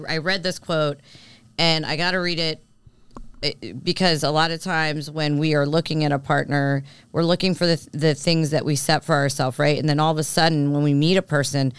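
Candid woman podcaster, smooth dry voice. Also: deep voice, normal speed, no room sound. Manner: candid, animated, self-assured, talks through her points with many asides. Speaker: podcast co-host. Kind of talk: casual chat.

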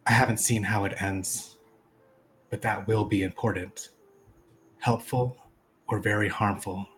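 A man's voice: on the low side, fairly even intonation, unhurried, background noise, natural voice. A man voicing a doting motherly seer. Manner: fussing, endearing, calls people dear. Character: warm motherly female seer, doting host.

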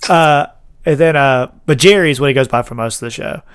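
A man's voice: mid-range voice, a little fast, fairly bright tone, clear, resonant tone, no room sound, studio quality. A man hosting a casual podcast chat, rambling and laughing as he retells scenes. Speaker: podcast host. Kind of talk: casual chat about a TV show.

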